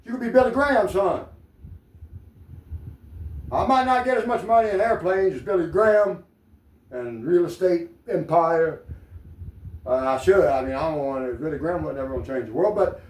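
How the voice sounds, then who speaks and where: Southern man, high voice, rambling and cursing, heard from off-mic in an echoey room. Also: animated, moderate pace, long pauses, darkish tone, recorded from a distance. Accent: Southern American. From American South. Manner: rambling, profane, digressive. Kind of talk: rambling monologue.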